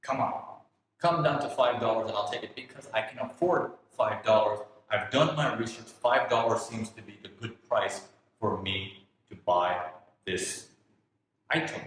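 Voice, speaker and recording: A man teaching trading to a class, animated, acting out traders' thoughts in quick asides. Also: fairly low pitch. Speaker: forex trading instructor. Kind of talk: lively teaching talk. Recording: echoey hall with faint noise.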